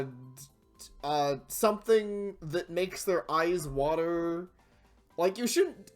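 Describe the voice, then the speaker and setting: A woman hosting a let's play, reading game text aloud and reacting with frequent swearing and sudden loud exclaims. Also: on the low side. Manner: swears freely, breaks into loud exclaims and laughter.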